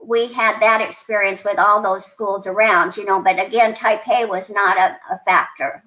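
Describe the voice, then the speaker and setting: A woman's voice: mid-range voice, steady tone, moderate pace, bright, forceful tone, low-quality recording. An older woman from New Mexico, a podcast guest chatting casually and rambling through stories with lots of restarts and fillers. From New Mexico, USA. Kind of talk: casual interview storytelling.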